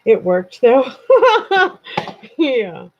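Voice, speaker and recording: A woman's voice: high-pitched, huge pitch swings, extremely slow, lo-fi sound. A woman hosting a casual true crime livestream from her computer desk, chatting bluntly with viewers and swearing freely. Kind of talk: casual live-stream chat with viewers.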